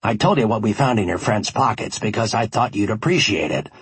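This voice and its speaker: A man's voice: on the low side, lively intonation, a little fast, fairly bright tone, husky, no room sound, full character voice. A man reading an audiobook, voicing an irritated, suspicious police detective who scolds and uses sarcasm. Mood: annoyed. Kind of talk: audiobook character voice.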